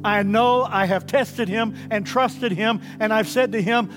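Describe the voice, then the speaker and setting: A pastor with a high voice delivers an earnest, storytelling sermon and prayer, leaning on key phrases and stretching them out. His voice carries through a large church hall with a long, ringing reverb. Faint music sits low underneath. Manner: earnest, emphatic preaching with drawn-out phrases.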